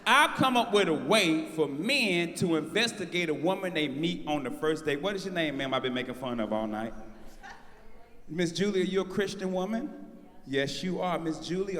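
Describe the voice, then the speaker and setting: A man in his forties doing brash live stand-up with crowd work, shouting out his punchlines. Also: fairly high pitch. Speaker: stand-up comedian. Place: large live venue on stage. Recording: live house mix with long hall reverb.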